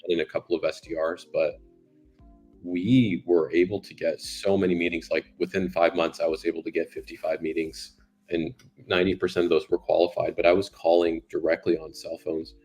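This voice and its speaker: A man's voice: deep voice, flat delivery, fairly quick, a little mellow, slightly rough, faint music behind. A man talking as an interview guest about sales, in loose, talky conversation with plenty of fillers. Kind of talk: casual conversation.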